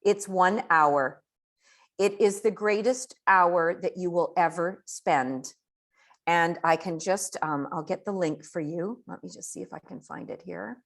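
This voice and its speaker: A woman giving a casual coaching talk on network marketing, chatty and animated. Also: on the low side, measured pace. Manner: chatty, animated, acts out quoted dialogue.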